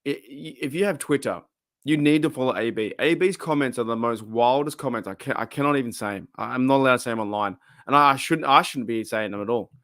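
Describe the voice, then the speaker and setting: A man's voice: mid-range voice, fast talker, a bit bright, no echo, clean studio sound. A man with an Australian accent hosting a casual live stream, rambling and chatty, reading out chat and laughing often.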